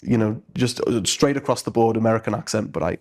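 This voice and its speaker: A man's voice: on the low side, fast talker, crowd noise. A man from Merseyside, an actor answering in a casual interview, earnest and reflective with frequent restarts. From Merseyside, England. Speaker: stage actor, interview guest.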